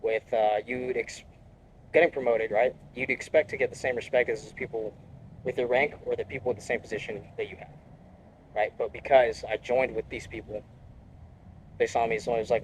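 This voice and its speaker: A man's voice: medium pitch, fairly even intonation, brisk, a little hiss or hum, poor audio. A young man, a Marine reservist, talking bluntly and profanely in a casual interview.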